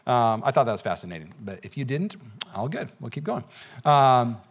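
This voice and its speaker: A man's voice: mid-range voice, sing-song, normal speed. A man preaching a sermon as pastor in a church, talking conversationally with frequent "okay?" asides. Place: church sanctuary.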